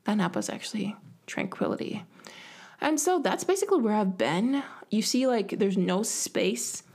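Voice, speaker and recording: A woman's voice: medium pitch, big pitch swings, moderate pace, gravelly, darkish tone. A young woman hosting a solo podcast, telling a rambling, self-mocking story and acting out quoted lines in a whisper. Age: young adult. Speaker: podcast host. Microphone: home podcast mic.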